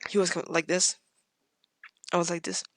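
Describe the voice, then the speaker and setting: A woman, a podcast guest, tells a story in a casual chat and acts out the quotes with sudden leaps in pitch. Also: level tone, moderate pace, no room sound, clean studio sound.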